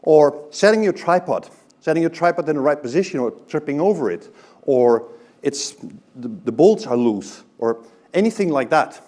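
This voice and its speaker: Lively, chatty male presenter. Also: a little high, moderate pace. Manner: conversational, often checks in with "right?". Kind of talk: live talk to an audience.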